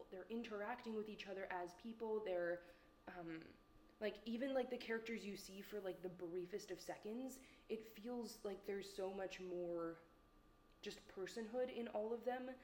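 A woman's voice: mid-range voice, a little hiss or hum. A woman giving a casual spoken film review at home, rambling and hesitant with lots of fillers and restarts. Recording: echoey room.

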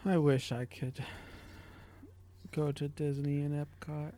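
A man's voice: on the high side, level tone, slow, warm tone. A man co-hosting a podcast in casual chat, joking and full of fillers. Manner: joking, filler-heavy, laughs at own lines. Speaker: podcast co-host.

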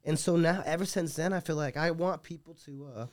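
A man's voice: a little high, steady tone, a little fast, no echo. A man speaking as a jiu-jitsu coach in a casual podcast interview, rambling and earnest with many restarts. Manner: earnest and heartfelt.

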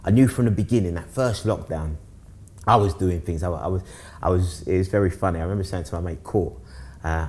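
Chatting casually as a guest, a young man with a London accent talks a little fast in a low-pitched voice. He comes from South East London, England, and his talk rambles with frequent restarts and repeated words, turning animated during stories.

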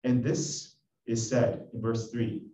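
A man preaching an expository sermon, reading scripture with animated emphasis. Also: mid-range voice, slow pace. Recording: echoey, dull audio from a distance.

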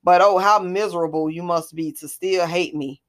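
A woman reading the part of a composed, defiant mother who stands her ground, in a low voice. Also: steady tone, normal speed, natural voice. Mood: firm. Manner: firm, composed.

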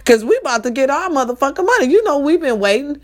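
A woman hosting a casual talk show, telling a story to her listeners in a lively, profane, chatty way. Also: sits high, fast talker. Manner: animated, profane, addresses listeners directly.

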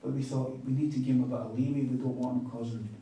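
A man preaching a sermon, telling a story in a chatty, animated way with quoted dialogue. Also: mid-range voice, quick pace. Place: conference hall on a weekend retreat. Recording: echoey hall, mic at a distance.

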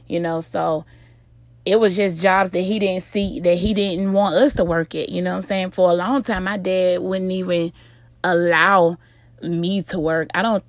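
A woman's voice: lowish voice, dry recording. A young adult woman telling a candid, rambling personal story to her viewers on a phone, full of "you know what I'm saying". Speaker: vlogger.

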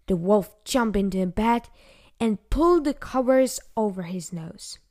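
A woman narrating a fairy tale in a gentle, unhurried storybook manner, sometimes dropping to a whisper. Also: medium pitch, animated.

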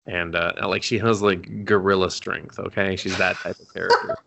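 A man's voice: low voice, fairly even intonation, moderate pace, vocal fry, heavy background noise. A young man co-hosting a podcast, casually recapping an anime episode in a rambling, profane way, laughing often. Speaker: podcast co-host.

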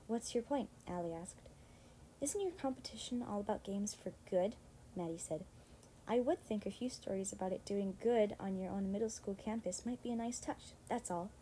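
A woman reading a middle-grade story aloud as narrator, lively and lightly voicing the girls' lines. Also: mid-range voice, moderate pace, slight background noise, low-quality recording. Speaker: audiobook narrator. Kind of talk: scripted narration.

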